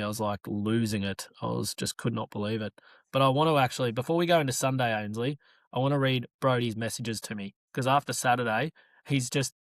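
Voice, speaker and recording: A man's voice: mid-range voice, a bit bright, dry recording, clean studio sound. A man with an Australian accent, a racing driver co-hosting a podcast, telling rambling stories in casual chat with frequent laughs.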